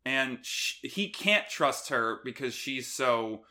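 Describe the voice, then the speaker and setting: A man in casual chat about a movie, who acts out the characters' lines in quick voices. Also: mid-range voice, expressive, bright, forceful tone.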